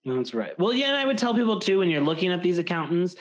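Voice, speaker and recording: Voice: medium pitch, big pitch swings, quick pace, dull audio. Blunt, swearing podcast co-host. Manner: blunt, swears freely, mimics people. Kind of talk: casual chat.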